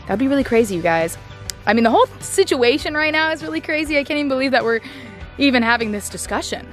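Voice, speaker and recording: A young woman vlogging on her farm, chatting excitedly to the camera and her animals with lots of "like" and "I don't know". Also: sits high, fast talker, faint music behind. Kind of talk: casual vlog chat to camera. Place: outdoors on a farm pasture.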